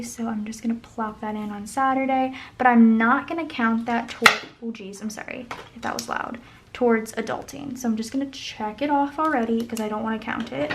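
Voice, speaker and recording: A woman with a slightly high voice chats casually while planning her budget at home. She thinks aloud and sometimes murmurs the sums under her breath. A faint hiss sits under the recording. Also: low-quality recording. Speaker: budget vlogger.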